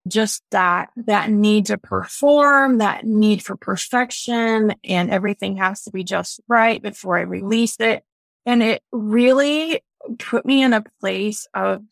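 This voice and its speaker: A woman's voice: medium pitch, creaky, no room sound. A woman guest on a podcast, talking in a reflective, earnest way about her own experience. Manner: reflective, earnest, speaks in lists. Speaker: podcast guest, business owner. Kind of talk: casual interview talk.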